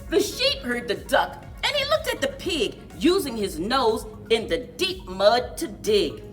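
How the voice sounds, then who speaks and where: A woman, a children's librarian, reading a picture book aloud with expressive storytelling. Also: fairly high pitch, measured pace, few pauses, faint music behind. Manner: expressive storyteller, big swoops for animal noises.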